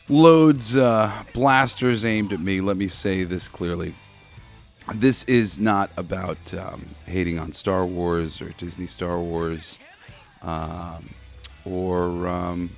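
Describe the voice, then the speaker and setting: A man hosting a podcast in a casual commentary style. He talks in an earnest, halting way, restarting often, and swears bluntly now and then. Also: low voice. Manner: halting and tongue-tied, with frequent restarts. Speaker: podcast host.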